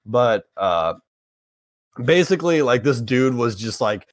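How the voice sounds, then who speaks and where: A young man co-hosting a gaming podcast, ranting in a heated, profane, emphatic way that climbs higher when he gets worked up. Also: sing-song, slow, no echo. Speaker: podcast co-host. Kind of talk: heated casual rant.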